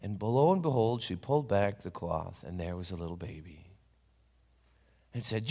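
A man preaching a sermon as a dramatic story, with lively questions and hushed asides, in a church with long reverb. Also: fairly low pitch, normal speed, long pauses.

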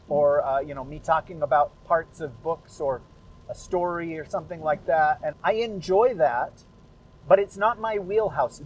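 A man's voice: fairly high pitch, a little hiss or hum, low-quality recording. A man talking casually about his narration work, rambling with self-deprecating asides. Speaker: podcast narrator of public domain stories. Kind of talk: casual chat after a reading.

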